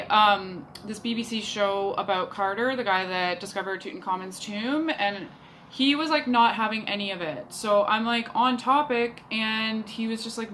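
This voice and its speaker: A woman's voice: mid-range voice, pushed and bright, slight background noise, poor audio. A young woman telling a rambling, exasperated story about a bad date, leaning on "like" constantly. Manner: chatty, exasperated, heavy use of "like". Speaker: vlogger. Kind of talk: casual storytelling rant.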